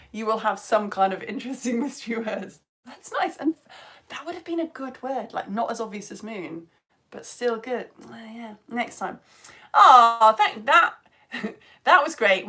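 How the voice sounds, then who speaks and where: A British woman with a medium-pitched, fairly bright voice teaches a live online science lesson. Gushing and chatty, she reads out viewer comments, greets children by name and throws in self-mocking asides.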